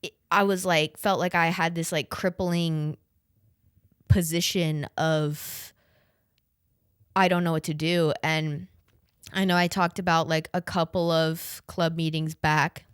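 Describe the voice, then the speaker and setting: Late-20s woman, podcast host, rambly confessional chat, near tears, smooth low-ish voice. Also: level tone, slow, no echo, studio quality. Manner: rambling, heavy use of "like", swears casually. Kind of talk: casual personal chat.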